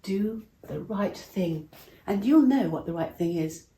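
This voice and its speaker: A woman telling a Bible story to children in a gentle way, asking her listeners questions. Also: mid-range voice, expressive, unhurried, slight background noise. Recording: roomy echo.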